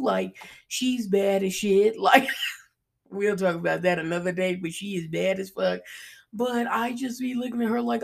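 A woman's voice: mid-range voice, steady tone, a little slow, creaky. A young adult woman hosting a podcast, telling a personal story in a casual, slangy and profane way, with lots of "like" fillers. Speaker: podcast host.

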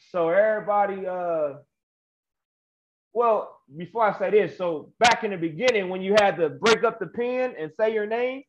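A young man, a wrestler, telling a story in a casual interview, animated and slangy, laughing often. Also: high-pitched. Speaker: guest wrestler.

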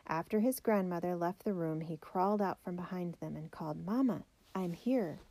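A woman reading a children's biography aloud in a measured, steady way. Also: fairly low pitch. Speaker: narrator.

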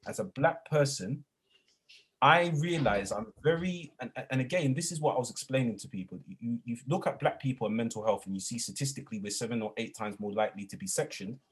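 Husky man telling stories. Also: medium pitch, fairly quick. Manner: reflective, builds to animated retelling. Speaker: guest, educator and former youth worker. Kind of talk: storytelling in a conversational interview.

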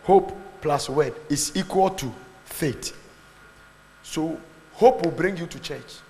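A man preaching a fervent sermon, swinging between shouts and low asides. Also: slow pace. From Ghana. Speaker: pastor. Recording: long hall reverb, faint background noise.

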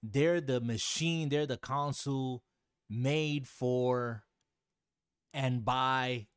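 A man's voice: mid-range voice, steady tone, extremely slow, clean tone, no room sound, clean studio sound. A man from the United States hosting a gaming podcast, talkative with frequent laughs and fillers. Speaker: podcast host. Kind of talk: casual chat.

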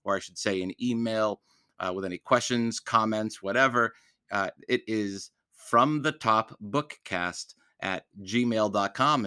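A man's voice: fairly low pitch, a little slow, sharp tone, smooth, dry recording. A man hosting a book podcast, chatting casually with lots of fillers and restarts, answering listener mail. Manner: chatty, rambling with many fillers. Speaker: podcast host reading books aloud; teacher.

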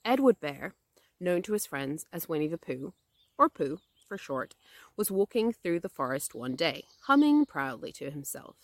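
A woman podcast host reading a children's story aloud, gentle and expressive. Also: low-pitched, normal speed, no room sound. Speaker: podcast host and English teacher.

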